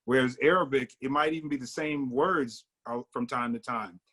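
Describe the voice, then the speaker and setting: A man's voice: medium pitch, moderate pace, fairly bright tone, slightly rough. A man hosting a casual discussion over a video call, easygoing and affirming, often saying "right, right". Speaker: host.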